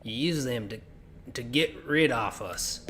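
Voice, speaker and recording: A man's voice: mid-range voice, lively intonation, measured pace, a bit bright, slight background noise. A man voicing a surly rural man who is hostile to police, using a put-on country accent and a curt, drawling manner.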